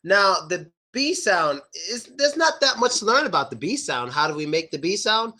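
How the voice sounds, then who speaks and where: A young man teaching English pronunciation, repeating words slowly and exaggerating the sounds. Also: high-pitched, sing-song, pushed and bright. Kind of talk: online pronunciation lesson.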